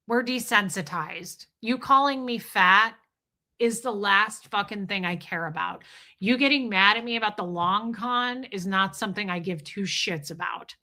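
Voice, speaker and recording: Blunt bright-voiced woman streamer. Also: medium pitch, moderate pace. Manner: blunt, profane, confessional. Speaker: livestream host. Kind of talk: casual livestream talk with chat shout-outs.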